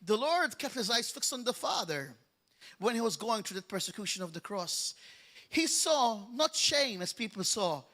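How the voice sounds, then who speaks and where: A man's voice: high-pitched, big pitch swings, moderate pace. A male pastor from Malta preaching a fervent sermon, driving his points home with repeated exhortations. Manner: rises into loud, half-sung declarations.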